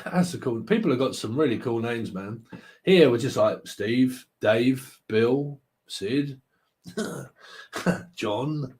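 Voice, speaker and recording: A man's voice: mid-range voice, lively intonation, takes it slowly, a little mellow. A man hosting a live tarot stream, chatting casually with viewers, joking and laughing often. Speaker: tarot livestream host.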